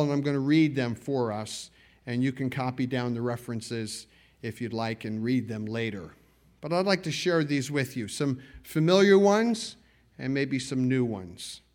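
A man preaching a sermon at an evening church service, earnest, slowing down and rising for emphasis. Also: mid-range voice, a little mellow. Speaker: pastor.

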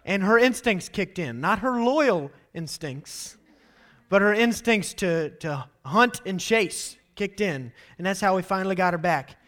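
Man, pastor, sermon, high voice, lively storytelling. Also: a little slow. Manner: animated storytelling, acts out quotes loudly.

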